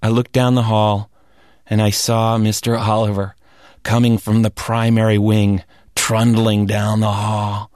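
Casting: expressive male storyteller, comic and animated, bone-dry close recording. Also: on the low side, measured pace, no echo. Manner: animated, comic, rising into shouts at wild moments. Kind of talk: spoken personal story.

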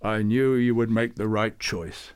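A man puts on a blunt, gruff old saint in a voice unlike his own reading tone, close to his usual pitch. He sounds dismissive and matter-of-fact. It is a storybook voice for a crusty elder. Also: fairly even intonation, measured pace, no room sound, natural voice. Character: gruff old male saint, a former king. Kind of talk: storybook character voice.

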